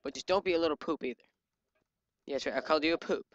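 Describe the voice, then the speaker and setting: A gaming channel host giving excitable live commentary while playing, yelping and joking at enemies. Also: mid-range voice, quick pace, lo-fi sound, slight background noise. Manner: excitable, yelps and jokes at enemies. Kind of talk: live let's-play commentary.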